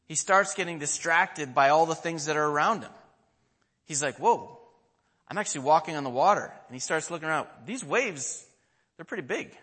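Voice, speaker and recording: A man preaching a sermon, telling a story with lively acted-out quotes and questions to his listeners. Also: fairly high pitch. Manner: animated storytelling, acting out quotes, asking the audience questions. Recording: long hall reverb.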